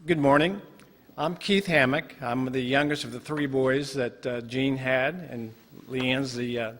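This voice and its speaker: Man giving an earnest tribute in a hall. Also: mid-range voice. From Oklahoma. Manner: earnest, reminiscing, some hesitation. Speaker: son giving a family tribute. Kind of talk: speech at an induction ceremony. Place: ceremony hall. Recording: long reverb of a hall.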